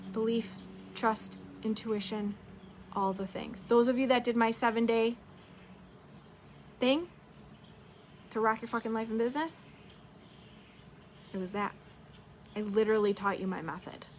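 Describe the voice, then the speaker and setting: A woman's voice: a little high, a little hiss or hum. A woman business coach giving a casual, upbeat motivational talk, swearing freely and talking straight to her listeners.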